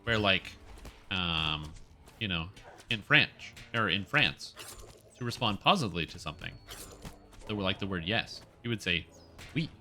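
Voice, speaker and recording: A young man from Canada chats casually while streaming a game, rambling from one thought to the next and answering his chat. His voice is low-pitched with a sharp, piercing edge. Faint music plays underneath. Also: expressive, a little slow, long pauses.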